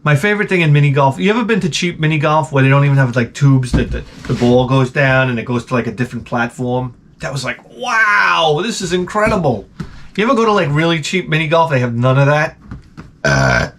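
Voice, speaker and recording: With a mid-range voice, lively intonation, and a quick pace, a man hosting his own channel tears through rambling, foul-mouthed comic stories in a casual rant, constantly breaking off his own thoughts. A little hiss or hum can be heard.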